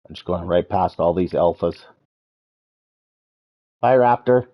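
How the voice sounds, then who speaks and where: A man's voice: low voice, measured pace, pauses often. A man from Canada streaming a game, playfully chatting, humming and taunting to himself. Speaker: live streamer. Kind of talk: casual gameplay commentary. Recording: dull lo-fi sound.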